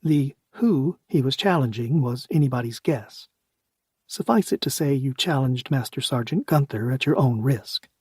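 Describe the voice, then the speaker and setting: A man's voice: medium pitch, lively intonation, normal speed, darkish tone, breathy edge, no room sound, clean studio sound. A man narrating a science fiction audiobook in the first person, wry and conversational.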